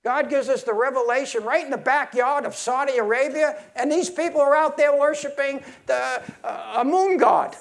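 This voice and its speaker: A man's voice: very high voice, moderate pace, creaky, hardly any pauses. A man preaching a sermon in a heated, emphatic way, often restarting his sentences.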